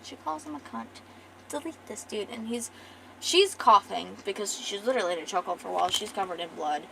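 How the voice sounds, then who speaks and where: A woman's voice: mid-range voice, fast talker, vocal fry, a bit bright, a little hiss or hum, rough recording. Rambling young woman storyteller. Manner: rambling, profane, joking asides. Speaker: artist and streamer. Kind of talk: casual storytelling on a stream.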